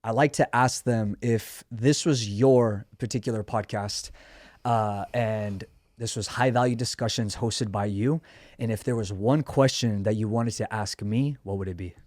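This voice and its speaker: A man's voice: on the low side, steady tone, unhurried, a little mellow, no echo, studio quality. A man hosting a podcast, chatting casually and often saying "you know what I mean". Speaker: podcast host. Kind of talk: casual interview chat.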